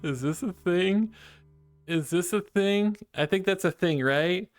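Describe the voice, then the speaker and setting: A man's voice: high-pitched, a little slow, faint music behind. A man chatting playfully with his live-stream chat, joking and drawing as he talks. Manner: playful and goofy, jokes with chat.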